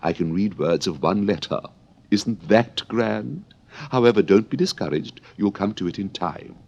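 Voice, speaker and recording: A man's voice: lowish voice, lively intonation, normal speed, gravelly, a little mellow, slightly rough, muffled recording, exaggerated voice. A man reading an audiobook, voicing a feeble, muddled queen with a fussy, anxious quaver. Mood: dithering.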